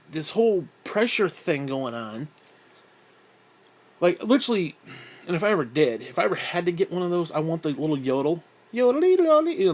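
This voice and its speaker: Profane, exasperated man ranting casually. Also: fairly high pitch. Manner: profane, exasperated and self-mocking, with frequent sighs. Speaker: vlogger. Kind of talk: casual rambling monologue.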